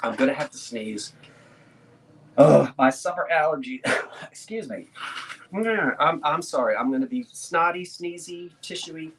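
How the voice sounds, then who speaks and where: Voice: mid-range voice, slight background noise. Chatty antiques vlogger. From South Jersey, USA. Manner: chatty and rambling, laughs often, builds suspense. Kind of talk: casual show-and-tell talk to a live chat. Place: indoors at a desk with a laptop.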